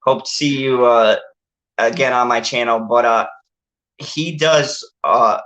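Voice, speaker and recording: A man's voice: mid-range voice, unhurried, a bit bright, muffled recording. Rambling man hosting a movie chat. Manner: rambling, laughing, frequent fillers. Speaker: channel host. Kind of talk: casual movie review chat.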